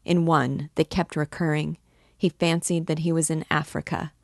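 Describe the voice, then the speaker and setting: Low-voiced woman reading a novel aloud. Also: steady tone, moderate pace, vocal fry, no room sound, studio quality. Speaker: literature teacher reading aloud.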